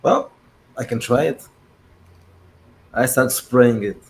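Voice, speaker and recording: A man's voice: medium pitch, slow pace, slight background noise, low-quality recording. A man playing a tabletop game who answers in short, terse replies. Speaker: player. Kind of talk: casual tabletop play.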